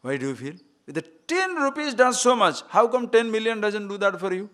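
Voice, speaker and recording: A man's voice: sits high, big pitch swings, brisk, a bit bright. A man giving a spiritual discourse as a swami, asking rhetorical questions and acting out quoted voices. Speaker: swami teaching scripture.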